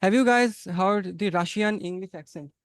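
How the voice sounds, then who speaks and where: A man teaches English conversation over a webinar video call. His voice is high and notably clear. The sound is dry and close, and he coaches his students by repeating his points. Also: normal speed, no echo. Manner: encouraging, repeats phrases, coaching tone.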